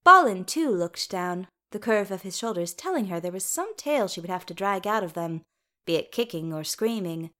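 A woman reading a story aloud in a steady, even narration. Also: mid-range voice, normal speed.

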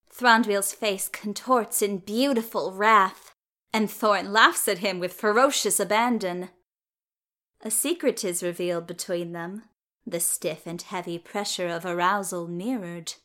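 A woman reads a story aloud, taking her time over each sentence. Her voice sits at an ordinary middle pitch and stays even and measured throughout. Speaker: reader. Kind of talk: reading fiction aloud.

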